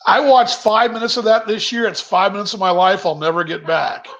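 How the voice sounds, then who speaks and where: A man with a high-pitched, fairly bright voice speaks a little fast in a steady tone while casually hosting a virtual happy hour from his kitchen. Chatty and rambling, he reads viewers' comments aloud, and the video call audio is dull and lo-fi.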